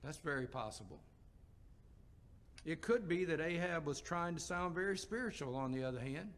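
A man's voice: on the high side, animated, moderate pace, fairly bright tone. A man preaching a sermon, explaining scripture passages with quotes and rhetorical questions.

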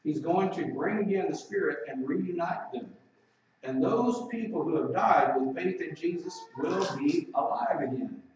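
A man's voice: on the high side, a little mellow. Preacher man in a very echoey hall. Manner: preaching with emphatic, drawn-out scripture reading. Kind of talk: sermon. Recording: roomy echo, distant mic, dull lo-fi sound.

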